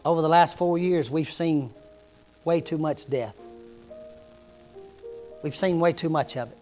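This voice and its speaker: A middle-aged man delivers an impassioned sermon, his voice sitting a little high. He tells the story with growing fervor, and soft music plays faintly behind him. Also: measured pace. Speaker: preacher.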